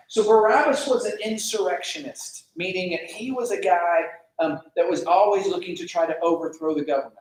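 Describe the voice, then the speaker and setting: A man teaching a casual Bible lesson to students, animated, asking the class questions and acting out quotes. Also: high-pitched. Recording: echoey room, mic far off.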